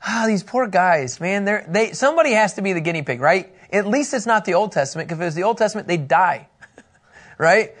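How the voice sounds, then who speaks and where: High-voiced man teaching a Bible lesson. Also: brisk. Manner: animated, joking, acts out scenes; chats with people in the room.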